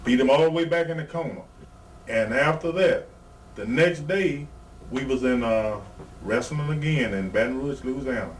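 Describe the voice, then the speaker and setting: In a relaxed interview, a guest who once wrestled professionally tells rambling, foul-mouthed stories from his career without mincing words. He speaks at a normal pace in a medium pitch; the mic is distant and faint background noise can be heard.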